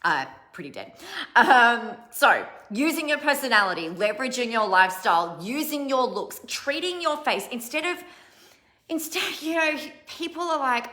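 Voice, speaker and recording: Bright-voiced chatty woman. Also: fairly high pitch, very animated, normal speed. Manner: chatty, laughing, self-mocking, breaks off mid-sentence. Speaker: online business coach. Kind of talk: casual livestream talk to followers.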